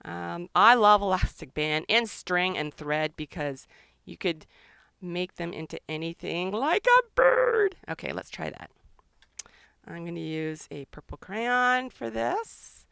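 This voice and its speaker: A middle-aged woman who writes and illustrates children's books chats excitedly and thinks aloud while drawing live for kids. Her voice is fairly low and smooth with vocal fry, she speaks slowly, and there is no echo.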